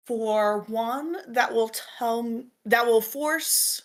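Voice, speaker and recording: A woman playing a tabletop game, talking deliberately and searching for words. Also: a little high. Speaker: player. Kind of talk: casual tabletop game play.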